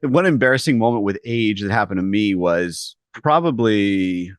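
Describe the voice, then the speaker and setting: A man with a lowish voice co-hosts a casual podcast, telling stories animatedly and acting out the quotes. He speaks at normal speed, and there's no room sound.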